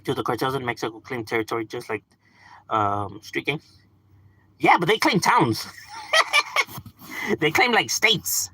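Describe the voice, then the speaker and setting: A man's voice: mid-range voice, animated, measured pace, pauses often, bright, forceful tone, husky, dry recording, rough recording. A man streaming live, talking in a laid-back, slangy way and chatting to his viewers. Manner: laid-back slangy talk with frequent "like" and "bro". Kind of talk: casual live-stream chat.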